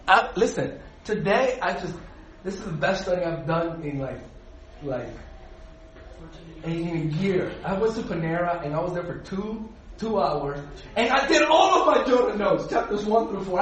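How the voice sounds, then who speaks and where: A high-voiced man teaching a Bible study group. His pitch leaps around as he talks. He keeps putting questions to the group and laughs often. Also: lively intonation, normal speed, slight background noise.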